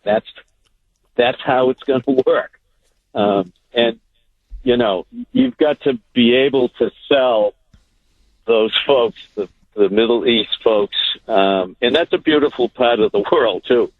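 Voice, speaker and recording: Halting caller on a tinny phone line. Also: male voice, medium pitch, animated, dry recording. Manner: halting, many fillers. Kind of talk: casual call-in talk.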